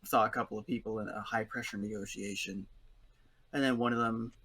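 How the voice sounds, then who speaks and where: A man's voice: lowish voice, fairly even intonation, brisk, fairly bright tone. A man acting as game master, casually chatting with players and rambling through stories. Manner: rambling storyteller, acts out voices. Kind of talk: casual chat between players.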